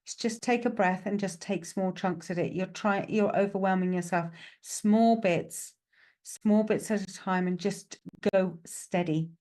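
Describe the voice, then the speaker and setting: A woman's voice: medium pitch, measured pace, darkish tone. A woman giving a live psychic mediumship reading, chatty and reassuring, with lots of "okay" and "right" fillers and self-mocking asides. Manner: self-mocking, laughs at herself.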